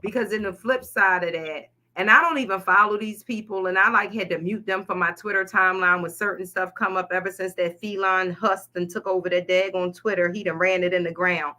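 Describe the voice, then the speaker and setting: Animated outspoken woman co-host, bright voice. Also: mid-range voice, fairly quick, hardly any pauses. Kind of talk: casual chat.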